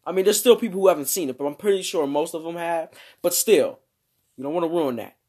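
A man's voice: a little high, quick pace, warm tone, slightly rough. A man vlogging about movie news in a casual, rambling way, breaking off into jokes and asides to himself.

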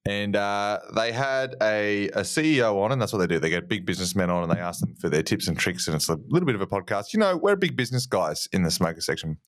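A man's voice: on the low side, expressive, fast, few pauses, dry recording, studio quality. An Australian man co-hosting a podcast, telling rambling stories and ribbing his friends in casual banter. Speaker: podcast co-host.

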